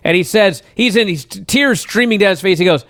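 A man hosting a wrestling talk show, telling stories at length in a casual, animated way. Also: sits high, brisk, no room sound, studio quality. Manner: animated storyteller, recaps at length. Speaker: wrestling radio show host.

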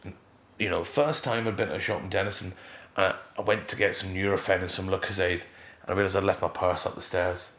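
A middle-aged Scottish man, a guest in a casual interview, telling stories with lively jumps in pitch. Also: quick pace, roomy sound. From Scotland. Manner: animated storyteller, leaps up in pitch for emphasis.

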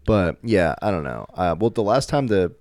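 A man's voice: low voice, sing-song, moderate pace, a little mellow, no echo. A young man from the Philadelphia area in casual chat, skeptical and dry, recounting sports history.

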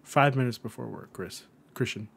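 A man co-hosting a podcast, reading a quiz aloud in a playful, rambling, animated way. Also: mid-range voice, normal speed, gravelly, husky. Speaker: podcast co-host.

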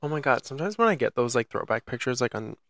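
A man's voice: mid-range voice, big pitch swings, fast, a bit bright, no echo, studio quality. A young man co-hosting a podcast, chatting casually and telling rambling stories full of fillers. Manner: rambling, filler-heavy storytelling. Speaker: podcast co-host. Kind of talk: casual chat.

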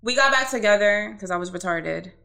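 A young woman telling a story in casual podcast chat, animated and full of swearing and fillers. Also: medium pitch, brisk, vocal fry. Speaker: podcast co-host.

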